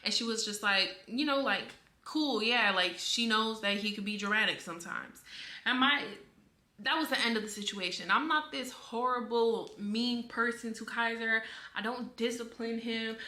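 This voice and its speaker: A woman's voice: fairly high pitch, normal speed, sharp tone. A young woman explaining her side as a stepmother, sounding hurt and defensive, her speech full of "like". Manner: hurt and defensive, many "like" fillers. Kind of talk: personal explanation video. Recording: echoey room.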